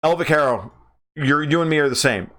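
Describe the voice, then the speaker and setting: Livestream host, man in his forties; casual, profane, emphatic, full of restarts, voice jumps up on excited lines. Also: on the high side, fairly quick.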